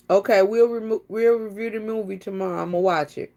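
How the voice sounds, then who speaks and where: A woman's voice: medium pitch, fairly even intonation, brisk, few pauses, dark tone. Woman, planner live-streamer; chatty, teasing, casual chat to camera. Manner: chatty, teasing, talks straight to viewers.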